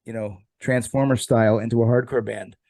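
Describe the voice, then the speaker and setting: A man's voice: medium pitch, fairly even intonation, fairly quick, mellow, no echo. A man from South Jersey hosting a casual live-streamed interview, talking in a scattered, chatty way. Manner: chatty, scattered, talks to his dog mid-show. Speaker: host. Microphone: computer mic on a live stream.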